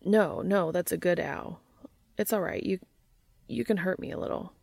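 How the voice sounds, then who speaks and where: An eager, urgent young man, as a woman acts him out, pleading with a breathy, low voice. The sound has a gravelly edge and is close and dry. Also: moderate pace, a little mellow, no echo.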